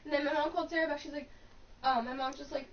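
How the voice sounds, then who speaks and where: A woman's voice: high-pitched, steady tone, quick pace. A young woman telling a rambling work story in casual chat, swearing often and stringing her sentences together without a break. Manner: breathless run-on storytelling, swears a lot. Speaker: fast-food worker. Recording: muffled and distant, faint hiss.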